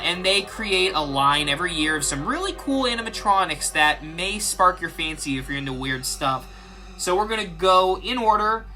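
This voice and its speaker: A man's voice: fairly high pitch, bright, forceful tone. A man hosting a Halloween video channel, talking casually and chattily, with self-deprecating asides and frequent "uh" fillers.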